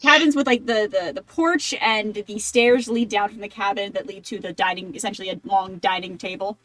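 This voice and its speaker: A woman's voice: mid-range voice, steady tone, brisk, a bit bright, dry recording. A woman running a tabletop game as game master, rambling with many restarts.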